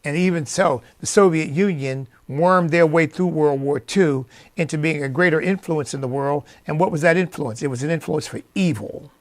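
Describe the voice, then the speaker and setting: A man hosting a radio show, delivering a preacherly opinion monologue that swings from low asides to loud, emphatic peaks. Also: moderate pace, few pauses.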